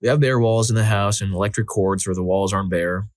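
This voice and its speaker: A man with a lowish voice reads stories aloud, one after another, at an even, steady pace. The recording is close and dry, with no room sound around him. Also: quick pace, no echo. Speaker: story narrator. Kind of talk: scripted narration of reader stories.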